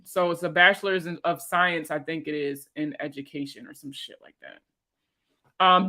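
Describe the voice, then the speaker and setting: A woman chats casually on a livestream, rambling from topic to topic. She swears freely and laughs easily, and her voice is bright and forceful. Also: mid-range voice. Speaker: personal finance creator and veteran.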